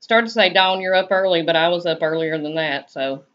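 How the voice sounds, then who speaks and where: A woman's voice: on the low side, fairly quick, fairly bright tone. Chatty Southern woman on a live stream. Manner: chatty, drawling, laid-back. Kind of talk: casual chat reading viewer comments. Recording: dull lo-fi stream audio.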